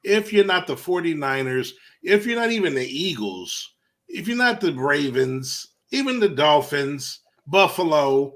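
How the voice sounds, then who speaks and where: A man with rants hotly about rival fans on a casual podcast. His pitch sits a little high and moves a lot, and he swears freely. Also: very animated, measured pace, fairly bright tone. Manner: heated, profane, emphatic ranting. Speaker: podcast co-host. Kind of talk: casual sports rant.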